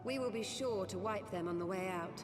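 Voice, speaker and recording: Woman voicing a poised mage, measured and dry, game music underneath. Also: mid-range voice, lightly acted. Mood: composed. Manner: measured, dryly polite.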